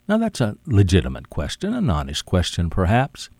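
In a sermon, a man with a low, slightly mellow voice swoops wildly in pitch, and the recording has no room sound. He preaches emphatically, repeating key words, drawing out his phrasing, and often calling the listener "my friend."

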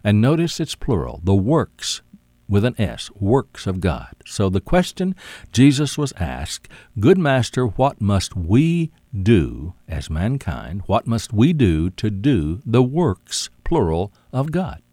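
A man's voice: on the low side, huge pitch swings, mellow, no room sound. A man preaching a sermon, emphatic and repetitive, often calling the listener "my friend". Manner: emphatic, repeats key words, drawn-out phrasing.

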